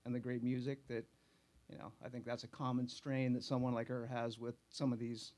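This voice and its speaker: A middle-aged man, singer and songwriter of a country band, talking in a relaxed, soft-spoken way with many fillers in a radio studio interview. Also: mid-range voice, brisk. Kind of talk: radio interview and live song. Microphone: studio microphone. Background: his own country band playing live.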